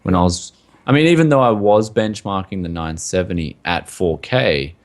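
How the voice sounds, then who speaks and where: A man's voice: low voice, normal speed. A man co-hosting a casual tech podcast who rambles and fills his talk with "like" and "man". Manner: rambling, full of likes and mans. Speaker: podcast co-host.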